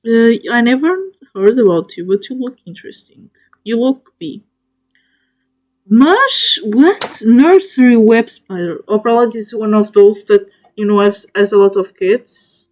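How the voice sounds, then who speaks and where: Slow, gushing woman streamer. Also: medium pitch, a little mellow. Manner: enthusiastic, gushing over animals, talks to the spiders directly; halting, restarts mid-word. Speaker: streamer ranking spiders in a tier list. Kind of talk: casual chat to viewers.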